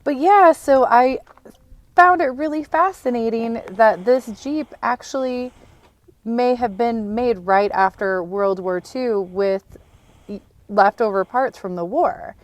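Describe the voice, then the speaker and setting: A woman co-hosting a car restoration video, chatting casually, excited and laughing often. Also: a little high, takes it slowly. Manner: bubbly and excited, laughs often, rambling explanations. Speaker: co-host and producer of a car restoration channel. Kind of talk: casual on-camera chat.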